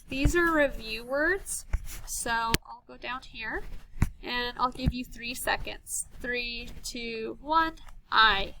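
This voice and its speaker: High-voiced slow patient woman teacher. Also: background noise. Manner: slow, patient, sounds out words and counts down. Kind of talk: early reading lesson for young children.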